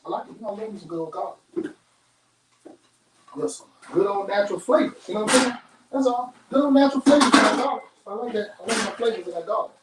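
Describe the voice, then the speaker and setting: A man's voice: sits high, quick pace, long pauses, recorded from a distance, very noisy. A man hosting a live cooking show, talking folksy and chatty straight to his viewers. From Chicago. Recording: roomy kitchen, off-mic.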